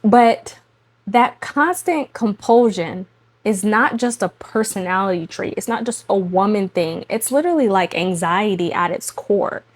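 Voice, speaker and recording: A young adult woman, a mother, speaking casually to camera about faith and home life in a chatty, animated way, often laughing and addressing women viewers directly. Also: mid-range voice, measured pace. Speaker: faith and lifestyle vlogger, mother.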